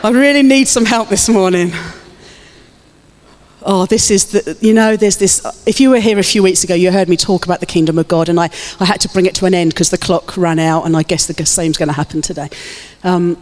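A woman's voice: lowish voice, steady tone, quick pace, hardly any pauses, a little mellow. A woman pastor preaching a fervent sermon, exhorting and calling out to her congregation. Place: church hall. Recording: long reverb of a church hall.

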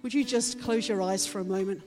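Animated woman preaching in echoing church hall. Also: fairly quick. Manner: animated, jumps to high excited exclamations, chatty asides to the congregation. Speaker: pastor. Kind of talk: Easter sermon. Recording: reverberant hall with soft music behind.

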